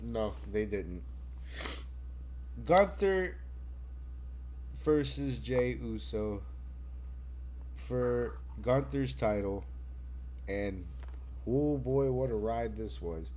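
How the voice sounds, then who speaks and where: A man on a casual wrestling podcast, excitable and profane, laughing often. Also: medium pitch, extremely slow, long pauses, a little hiss or hum. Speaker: podcast co-host.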